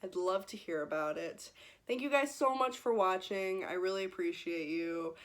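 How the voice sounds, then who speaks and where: A woman's voice: on the low side, normal speed. A young woman in her twenties chatting casually in a book vlog, gushing and emotional, laughing often and close to tears. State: teary, close to crying. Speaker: book vlogger.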